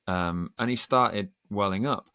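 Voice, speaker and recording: Earnest man, deep, dry sound. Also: bright, forceful tone, clean tone, no echo. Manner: earnest, storytelling, quick bursts. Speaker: podcast guest, band singer. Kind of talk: casual podcast conversation.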